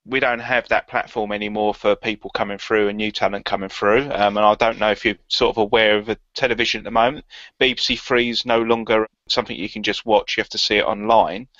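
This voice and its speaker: A man's voice: lowish voice, steady tone, fast talker, a bit bright, dry recording. A man, an interviewer who asks long, winding questions and thinks aloud as he goes. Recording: dry, dull lo-fi sound.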